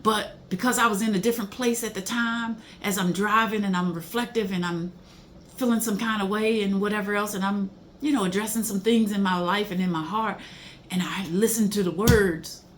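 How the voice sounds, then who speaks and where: A woman's voice: medium pitch, steady tone, moderate pace, a little hiss or hum. Emphatic middle-aged woman preaching. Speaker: motivational speaker. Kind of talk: faith-based motivational talk.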